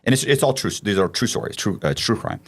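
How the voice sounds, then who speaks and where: A man hosting a podcast, telling a long story in a loose, profane, animated way with many restarts. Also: on the low side, fast talker, creaky, breathy edge. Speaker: podcast host. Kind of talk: casual storytelling.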